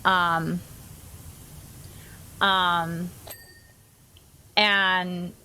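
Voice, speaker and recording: A woman's voice: on the low side, flat delivery, extremely slow, pushed and bright, a little hiss or hum. An American woman chatting casually and giggling while streaming a game, with lots of "like" fillers. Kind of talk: casual live-stream chat.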